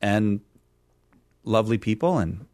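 A man's voice: on the low side, expressive, unhurried, darkish tone, no echo, studio quality. A middle-aged man from California, a radio guest who talks in a rambling, self-deprecating way and laughs easily. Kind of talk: casual interview chat.

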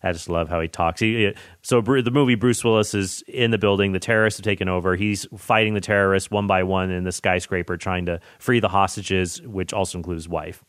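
A man hosting a podcast, chatting about movies in an enthusiastic, rambling way with excited tangents. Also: deep voice, fairly quick, few pauses, no echo, clean studio sound. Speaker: podcast host. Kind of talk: casual movie chat.

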